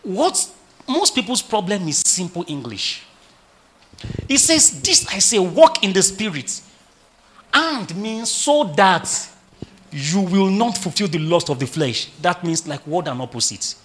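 A male pastor preaching a sermon, animated and full of rhetorical questions to his congregation. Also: high-pitched, a little slow, slight background noise.

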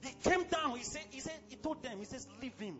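High-voiced Nigerian preacher, fiery. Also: male voice, animated, quick pace, highs cut off. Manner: fiery, exclamatory preaching with sudden shouts. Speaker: pastor. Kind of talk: sermon.

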